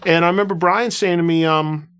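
A radio host with a high-pitched, clean-toned voice speaks fairly quickly as he tells casual anecdotes. He's animated and conversational, restarting often and filling gaps with "you know."

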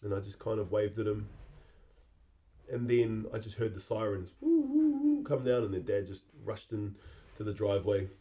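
Low, dark-voiced man. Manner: halting, repeats words while recalling. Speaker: podcast host. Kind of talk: reflective personal storytelling.

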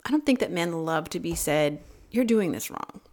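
A woman in her forties telling a personal story in casual podcast chat, rambling and animated, laughing often. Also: lowish voice, normal speed. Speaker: podcast regular.

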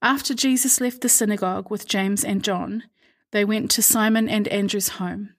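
A woman reading a Bible passage aloud in a calm, measured way, slowing down for the quoted words. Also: mid-range voice. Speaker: Bible reader. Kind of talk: scripture reading.

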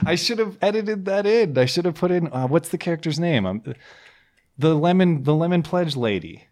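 A man's voice: on the high side, sing-song, normal speed, a little mellow. Sarcastic man hosting a podcast. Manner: sarcastic, mocking; rambling with restarts. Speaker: podcast host. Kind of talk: casual political chat.

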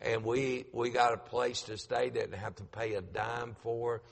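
A man's voice: medium pitch, little pitch movement, measured pace, vocal fry, long reverb tail. A middle-aged man, a pastor telling a story in a sermon, acting out the voices he quotes and repeating lines for emphasis. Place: church sanctuary.

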